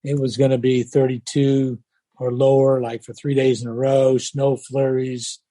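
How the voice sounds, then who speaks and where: An older man, once a baseball coach and now retired, tells stories in an interview, speaking at medium pitch and a measured pace. He animatedly acts out the voices of the people he quotes, and the recording has no echo.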